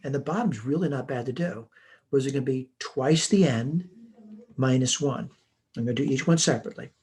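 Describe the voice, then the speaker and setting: A man's medium-pitched voice, a little mellow with a breathy edge, guides a recorded math lesson through homework problems in a plain, step-by-step way. He's using a computer mic while writing on a tablet.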